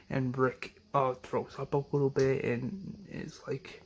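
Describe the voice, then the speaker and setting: A man's voice: medium pitch, level tone, unhurried, a little mellow, slight background noise. A man casually retelling a TV episode scene by scene, rambling with many restarts and hesitations. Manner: rambling, heavy on fillers and restarts. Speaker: episode recapper.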